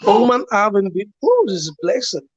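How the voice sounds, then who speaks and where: A man's voice: sits high, big pitch swings, brisk, slightly rough, dry recording, highs cut off. A man with a Nigerian English accent, calling in to a chat stream, giving hesitant, brief answers with fillers. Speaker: caller. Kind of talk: casual call-in chat. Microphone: online call.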